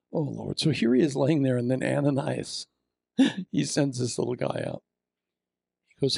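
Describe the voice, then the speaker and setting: Animated gravelly older male preacher. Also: medium pitch, unhurried, dry recording, clean studio sound. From Iowa. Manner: animated storytelling with acted-out voices. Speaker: pastor. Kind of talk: sermon.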